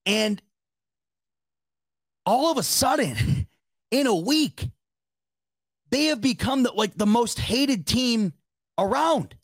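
A man's voice: very high voice, animated, takes it slowly, gravelly, long pauses, dry recording, studio quality. A young man from the Rochester, New York area, hosting a casual sports talk show, rambling, correcting himself and swearing freely. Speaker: sports podcast host. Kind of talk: casual chat with live chat readers.

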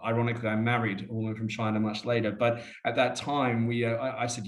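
A man's voice: medium pitch, level tone, quick pace, hardly any pauses. Aussie guy rambling thru stories, chatty, calls u mate a lot. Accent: Australian. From Australia. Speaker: interview guest. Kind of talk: casual storytelling chat.

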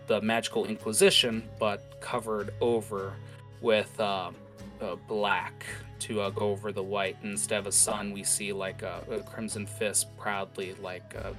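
A man's voice: lowish voice, a bit bright. A man narrating as game master in an improvised tabletop session, rambling with many fillers and restarts.

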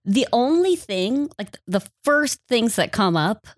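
A woman's voice: fairly high pitch, expressive, unhurried, dry recording, clean studio sound. A young woman from Wisconsin, co-hosting a casual podcast chat in a chatty, self-deprecating, joking way. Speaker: podcast co-host.

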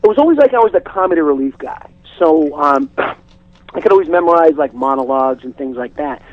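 A man tells a story as a comedian guest on a radio talk show, animated and chatty, often restarting mid-sentence. His voice sits a bit high for a man. The recording is dull and dry, with a lo-fi radio sound. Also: brisk, no room sound. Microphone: studio microphone.

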